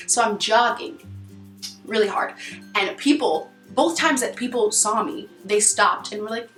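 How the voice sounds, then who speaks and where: A woman's voice: mid-range voice, normal speed, a bit bright, soft background music. Young American woman vlogger, bubbly and chatty, roomy sound from a distance. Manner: bubbly, rambling, lots of "like". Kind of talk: casual chat to camera. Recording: echoey room heard from a distance.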